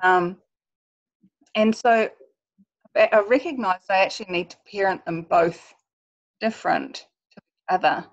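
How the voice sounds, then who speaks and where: A woman's voice: mid-range voice, unhurried, pauses often. A woman speaking on a video call, talking reflectively about parenting and asking questions of her listeners. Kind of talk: conversational video-call chat. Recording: dull lo-fi video-call audio.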